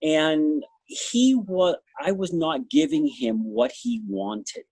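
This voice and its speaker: Blunt New England man, husky voice. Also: sits high, big pitch swings, darkish tone, no echo. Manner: blunt, talks fast in bursts, trails off. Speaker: dog show judge. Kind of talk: interview answer, candid anecdotes.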